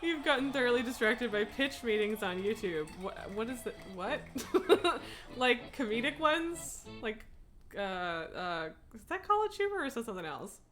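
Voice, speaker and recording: A woman's voice: on the high side, big pitch swings, normal speed, a bit bright. A young woman streaming a game, chatting casually, giggling and swearing freely. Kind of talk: casual live-stream commentary.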